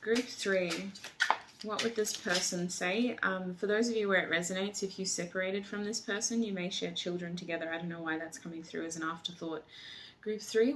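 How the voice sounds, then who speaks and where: Over a noisy background, a woman with a medium-pitched voice does a tarot reading with channeled messages. She's effusive and emotional, often exclaiming over the cards.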